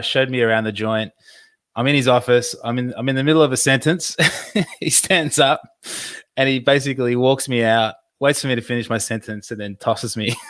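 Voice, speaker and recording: A middle-aged Australian man co-hosting a podcast, telling a lively anecdote in casual chat and laughing often. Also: medium pitch, dry recording. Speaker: podcast co-host.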